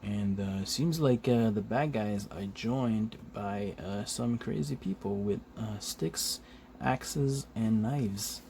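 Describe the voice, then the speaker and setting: A man casually paging through a comic book on camera, chuckling often, filling pauses with "uh", swearing loosely and acting out the characters' lines. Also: fairly low pitch, creaky, a little hiss or hum. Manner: chuckling, loose, acts out quick character quotes; many fillers, relaxed swearing. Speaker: comic book video host. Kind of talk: casual flip-through commentary.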